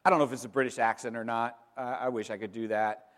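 Emphatic pastor preaching in a reverberant hall. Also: male voice, mid-range voice, steady tone, fairly bright tone. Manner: emphatic, with dramatic pauses and repeated words. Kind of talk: sermon. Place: church sanctuary. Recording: long reverb in a large hall.

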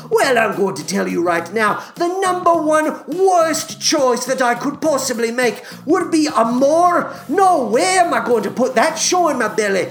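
A crude, gleeful male ogre, played by a woman, growls out his bawdy jokes in a gravelly brogue. He cackles and curses freely. His pitch leaps and dips wildly from line to line. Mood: crude rant. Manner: lewd, gleeful, cursing, cackling.

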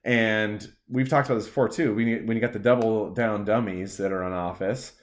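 A man's voice: on the low side, steady tone, a little fast, a little hiss or hum. Podcast co-host, young adult man, loose and sarcastic delivery with frequent swearing. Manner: rambling, profane, sarcastic. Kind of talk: casual chat.

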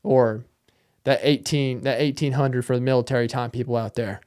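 A man's voice: medium pitch, steady tone, moderate pace, a little mellow. A young man hosting a podcast, talking alone in a casual, rambling, self-mocking way. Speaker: podcast host. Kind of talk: casual solo monologue.

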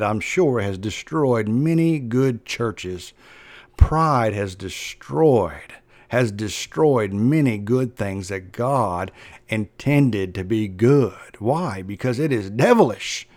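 A man preaching a sermon, emphatic and repetitive, slowing down to stress his points. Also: mid-range voice, dry recording.

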